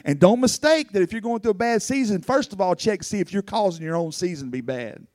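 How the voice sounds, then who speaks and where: A man's voice: high-pitched, expressive, fast, darkish tone, no room sound, clean studio sound. A man preaching a sermon as pastor, telling personal stories earnestly and rising into fervent pleading.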